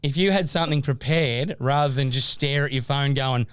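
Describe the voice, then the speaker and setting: An Australian man in his thirties banters on a podcast, animated and mock-stern. His voice sits at a middling pitch. The recording is dry and close, with no room sound. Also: normal speed, smooth, dry recording. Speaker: podcast co-host. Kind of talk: casual banter.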